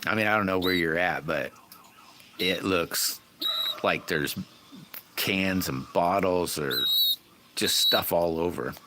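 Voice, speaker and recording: A man's voice: low-pitched, unhurried. A man hosting a livestream, chatting casually and folksily with viewers and greeting them by name. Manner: rambling and folksy, addresses chat by name. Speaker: livestream host. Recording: loud background noise.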